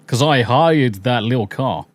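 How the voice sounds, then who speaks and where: A man's voice: mid-range voice, animated, unhurried. A man from the English Midlands hosting a podcast, his accent a blend of Southern, Northern, Midlands and Essex, chatting casually, swearing now and then and repeating his phrases. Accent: mixed English, part Southern, Northern, Midlands and Essex. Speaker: podcast host.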